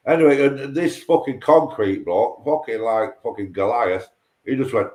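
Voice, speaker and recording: A man's voice: mid-range voice, expressive, normal speed, darkish tone. A man, a guest in a casual chat, telling a rambling, sweary story about a pub fight. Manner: rambling, heavy swearing, acts out quoted voices.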